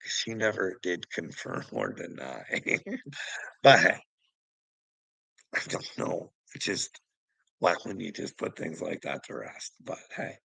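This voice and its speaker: A gravelly man rants at the camera, cursing and mocking as he goes. His low voice swoops widely up and down, and it is recorded close and dry. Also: huge pitch swings, slow, long pauses, bright, forceful tone, no echo, low-quality recording. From Canada. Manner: profane, mocking, laughs between lines. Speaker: vlogger. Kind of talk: casual rant.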